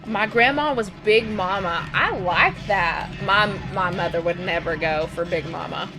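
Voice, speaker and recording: A woman's voice: fairly low pitch, a little slow. A young woman streamer rambling through casual stories while gaming, laughing often, with game music playing behind. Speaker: live streamer. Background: video game music.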